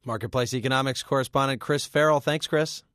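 A male news anchor reading scripted news and interviewing a correspondent in a brisk, conversational manner. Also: medium pitch, fairly bright tone, no room sound, clean studio sound.

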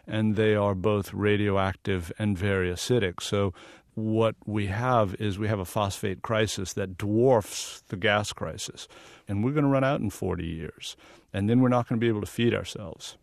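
A man from the American South, a photographer, interviewed on the radio in a relaxed, storytelling way that breaks into easy laughs. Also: fairly low pitch, gravelly, no echo, clean studio sound. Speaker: guest photographer.

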